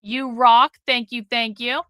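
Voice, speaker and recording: A high, bright-voiced woman hosts a live stream, talking casually and bluntly to her chat with plenty of swearing. Her voice sits close and dry, with no room sound around it. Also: level tone, slow pace, clean tone, no room sound. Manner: profane, blunt, nags the chat.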